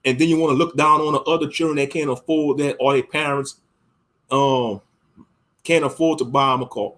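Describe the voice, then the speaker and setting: A man from the United States giving a casual, rambling rant as an online commentator, emphatic and slangy, swinging from loud outbursts to low mutters. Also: fairly even intonation, normal speed.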